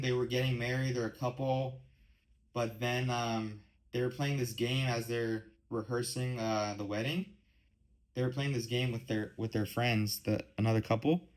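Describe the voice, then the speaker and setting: A man's voice: medium pitch, a bit bright, poor audio. Rambling young man podcasting. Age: 20s. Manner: rambling, heavy use of "like" and "um". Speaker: podcast host. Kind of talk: casual solo podcast chat.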